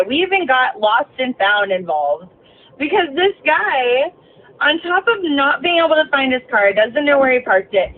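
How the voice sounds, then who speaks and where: A woman's voice: sits high, slight background noise. A woman bus driver, telling a story in a swearing, filler-heavy rant while driving. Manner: ranting, swearing, many fillers. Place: inside a moving bus. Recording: tinny lo-fi phone recording.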